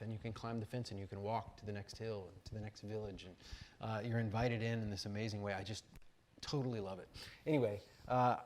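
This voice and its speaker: An American man giving a talk, reading reflective passages and telling rambling, animated anecdotes with fillers and restarts. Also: mid-range voice, a little hiss or hum. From United States. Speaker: speaker at an arts conference. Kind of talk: talk mixing read essay and casual anecdote.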